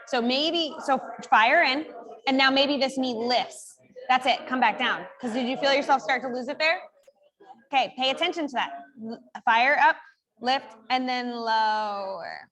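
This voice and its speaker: Woman physical therapist, high voice, upbeat chatty coaching in a studio class. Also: moderate pace, fairly bright tone. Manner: upbeat, chatty coaching cues with frequent "like" and "right?". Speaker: physical therapist leading a workshop. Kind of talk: live exercise coaching. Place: fitness studio group class.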